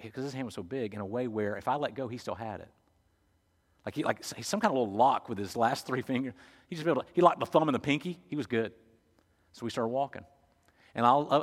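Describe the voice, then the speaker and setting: Male pastor preaching in an echoey hall. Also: medium pitch. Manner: storytelling, swinging from loud to hushed. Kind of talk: sermon. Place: church.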